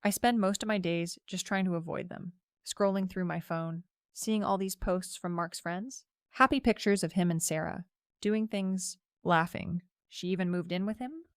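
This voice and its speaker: A woman's voice: fairly low pitch, steady tone, unhurried, clean tone, no echo, clean studio sound. A woman telling a first-person story in a conversational, self-justifying way with casual fillers.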